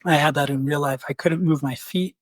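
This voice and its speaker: A man's voice: fairly high pitch, brisk, no room sound. A man and podcast host telling a personal story in conversation, acting out the voices of people he quotes. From United States. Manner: animated, acts out quoted voices.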